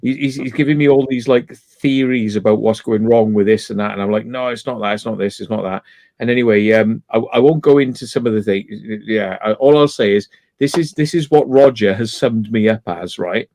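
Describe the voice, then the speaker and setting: A man's voice: mid-range voice, a little fast, a little mellow, no echo. A man hosting a casual stream-of-talk chat, meandering through anecdotes with plenty of swearing. His voice sits mid-range and sounds close and dry. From England. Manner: rambling, swears freely. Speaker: host.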